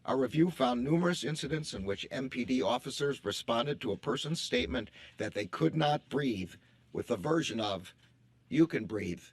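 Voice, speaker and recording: A man speaks in an even, measured way, delivering a formal statement. His voice sits at a middle pitch, and the delivery is official and composed. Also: poor audio.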